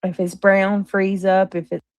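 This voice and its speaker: A woman's voice: medium pitch, little pitch movement, measured pace, no echo. Emphatic woman livestream host, dry sound. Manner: emphatic, defensive, talking to chat. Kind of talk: livestream chat.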